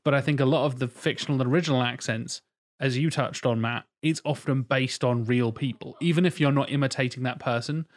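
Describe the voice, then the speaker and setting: A man co-hosting a podcast in casual chat, explaining his ideas in a measured way and laughing easily. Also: mid-range voice. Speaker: podcast co-host.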